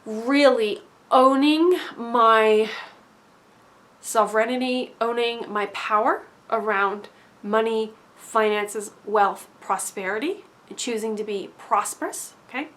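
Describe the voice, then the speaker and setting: A woman's voice: a little high, slow, a bit bright. A woman vlogger telling a casual story-time monologue, rambling and filling her talk with fillers and tag questions.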